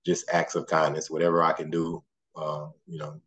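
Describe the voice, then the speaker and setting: Very deep, husky man. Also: monotone, normal speed. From Mississippi, USA. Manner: soft-spoken, trails off often with "you know". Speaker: guest, former basketball player and coach. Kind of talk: relaxed interview chat.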